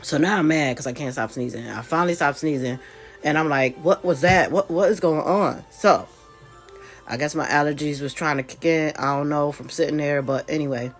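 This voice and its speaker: A woman's voice: sits low, fairly even intonation, brisk, faint music behind. A woman vlogger with a congested voice, telling a casual story straight to her viewers with chatty, folksy asides.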